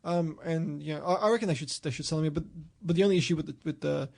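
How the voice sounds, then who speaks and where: A man's voice: fairly high pitch, very fast, creaky. A young Australian man chatting enthusiastically about cars on a podcast, with lots of restarts. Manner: enthusiastic car talk, many restarts. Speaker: podcast host. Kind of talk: casual chat.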